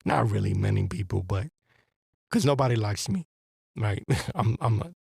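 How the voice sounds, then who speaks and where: A man's voice: on the low side, expressive, moderate pace, creaky, a little mellow, slightly rough, no room sound, clean studio sound. A man hosting a podcast, delivering a blunt, profane, rambling religious commentary with a preacher-like edge. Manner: rambling with restarts. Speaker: podcast host.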